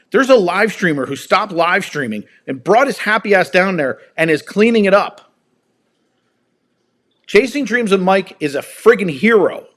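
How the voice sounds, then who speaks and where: Male livestream host at home in an angry, profane rant, slightly high-pitched voice. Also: a bit bright. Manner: heated, profane, emphatic.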